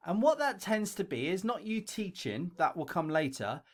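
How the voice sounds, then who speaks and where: A man's voice: sits high, sing-song, moderate pace. A middle-aged man with a broad London accent, talking straight to camera with blunt, chatty advice and a habit of ending points with "okay?". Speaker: online English teaching coach. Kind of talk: direct-to-camera advice video. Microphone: webcam or camera facing him.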